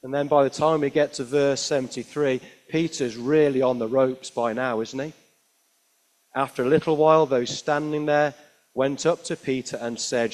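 This sermon comes from a man with a mid-range voice, moderate pace and fairly even intonation who narrates expressively. He leans on rhetorical tag questions, rises to emphatic high points and falls back to hushed lines.

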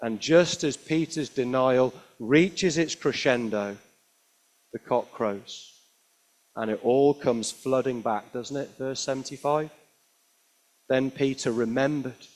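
A man delivers a sermon at a slow pace and medium pitch, telling the story expressively. He keeps tossing in rhetorical tag questions, climbing to emphatic highs and sinking to hushed lines.

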